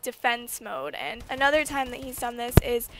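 A young woman with a high voice tells a story to her camera from her bedroom. She talks casually, full of filler words, and gets excited and emphatic at the big moments. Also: normal speed, background noise. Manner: chatty, lots of fillers, rising to excited emphasis. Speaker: vlogger.

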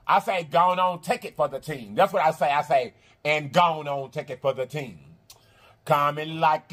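A man with a high voice and a Southern American drawl talks casually to his viewers. He half sings his words in a looping, sing-song manner, repeating phrases as he goes. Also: fairly bright tone. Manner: drawling, repetitive, affectionate addresses to viewers. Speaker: mukbang channel host. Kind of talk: casual vlog chat to viewers.

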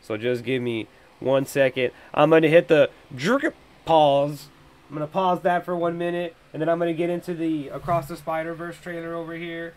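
A man hosting a podcast with a slightly high voice, riffing loosely as he reacts to a trailer. He is excitable, thinks aloud and swears in nearly every sentence. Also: moderate pace, smooth. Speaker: podcast host. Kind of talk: casual trailer reaction commentary.

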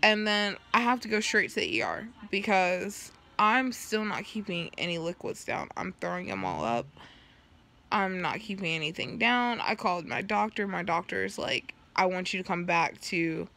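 A young woman with a bright, forward voice and a gravelly fry at the ends of her phrases tells her story in a casual vlog. She is recovering after surgery, stops to burp now and then, swears freely and plays out the lines of everyone she quotes. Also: mid-range voice, lively intonation, moderate pace. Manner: candid, swears freely, acts out quoted dialogue. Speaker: vlogger.

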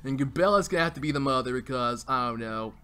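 Here a man's medium-pitched voice is expressive, fast, pushed, bright, and smooth. As a let's play gamer commenting on his first, blind run through a game, he's crude and joking, cursing a lot and trash-talking enemies with bursts of mock taunts, while game music plays faintly.

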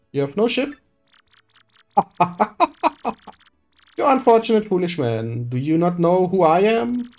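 A streamer voices a pompous rich merchant who savors each word, speaking slowly with theatrical grandeur. The delivery is grand and self-admiring, and faint game music plays behind. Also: medium pitch, darkish tone. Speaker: streamer voicing game dialogue.

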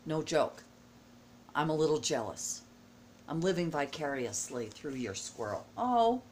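A woman's voice: deep voice, expressive, unhurried, a little hiss or hum. A middle-aged woman vlogging at home, opening a package with gushing, emotional exclamations. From United States. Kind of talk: casual vlog unboxing. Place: at home indoors.

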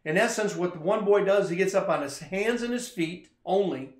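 Male pastor, high voice, lively storyteller; echoey room sound. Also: normal speed. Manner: animated storyteller, acts out quoted lines louder. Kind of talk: informal sermon, retelling a movie scene.

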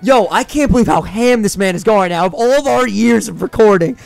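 Excitable high-voiced young man gaming. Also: brisk, vocal fry, dry recording, soft background music. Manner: excitable, jokey, bursts into loud laughs and sing-song. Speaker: co-host playing a video game. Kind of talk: casual gaming commentary.

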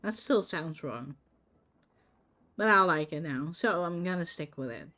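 A woman's voice: on the low side, animated, a little slow, bright, forceful tone. A woman streaming a game, chatting casually with her viewers by name and laughing often. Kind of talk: casual live-stream chat while gaming.

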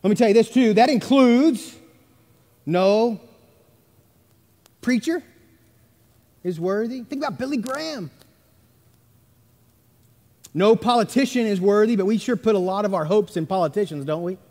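High-voiced preacher in an echoing church. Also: male voice, moderate pace, long pauses. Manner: emphatic, swings between loud and hushed. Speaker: pastor. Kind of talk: sermon. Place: church sanctuary. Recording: long church reverb.

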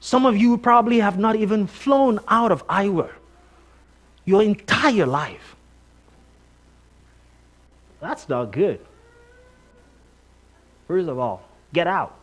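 Guest preacher, male, high and very lively pitch, animated storyteller who acts out dialogue. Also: slow pace, long pauses. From Nigeria. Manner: animated storytelling, acting out the voices of others. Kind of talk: sermon. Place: church.

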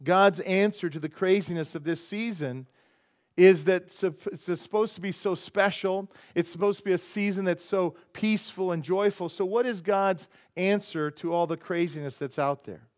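High-voiced male pastor preaching. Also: moderate pace. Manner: chatty, asks the crowd "how many know", preaches then prays softly. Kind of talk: sermon. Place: church service.

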